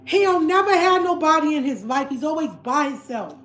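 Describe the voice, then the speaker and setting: A woman's voice: high voice, lively intonation, a little fast, few pauses, a bit bright, roomy sound, faint music behind. A woman hosting a livestream, ranting heatedly and repeating herself as she calls her viewers family. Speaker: livestream host. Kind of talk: emotional livestream rant.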